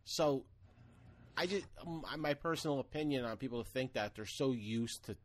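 A man's voice: mid-range voice, normal speed. A man co-hosting a podcast, talking in a casual, rambling way, full of "like" and "you know what I mean", swearing now and then. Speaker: podcast co-host. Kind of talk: casual chat. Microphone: camera, video call.

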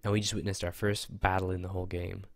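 A man's voice: deep voice, little pitch movement, fast talker, creaky, no room sound. A man giving casual, rambling and enthusiastic commentary while playing an old video game. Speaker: let's play host.

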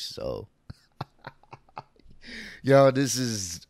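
A man's voice: mid-range voice, slow pace, vocal fry, no room sound, studio quality. A man hosting a reaction video, chatting casually and laughing as he comments on a clip. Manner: laughing, animated, slangy; talks over a played clip.

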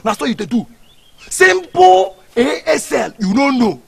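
A mocking Nigerian gatekeeper. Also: male voice, very high-pitched, very animated, unhurried, creaky, exaggerated voice. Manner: mocking, speaks Nigerian Pidgin, threatens. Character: rude young male gatekeeper, mocking and bossy.

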